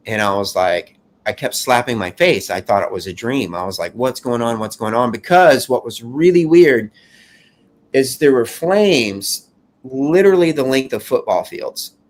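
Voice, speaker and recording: Man giving a halting, emphatic survivor account. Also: mid-range voice, animated. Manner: halting, emphatic retelling with many fillers. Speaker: fire survivor guest. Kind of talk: emotional first-person account.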